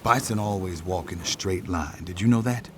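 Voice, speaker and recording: A man playing a calm, kindly train porter who talks patiently and scolds gently in an audio drama. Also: low voice, normal speed, background noise, close to an everyday voice.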